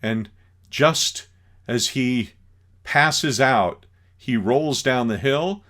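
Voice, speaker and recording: A male teacher giving a classroom lecture, animated and acting out scenes as he retells them. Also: mid-range voice, very slow, pauses often.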